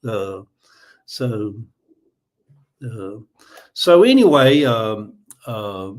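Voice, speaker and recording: Reading viewer comments out loud, this middle-aged Georgia man with a Southern accent chats and rambles folksily as he hosts a livestream. He's 40s or older, and his lowish, darkish voice draws out words and swings widely in pitch.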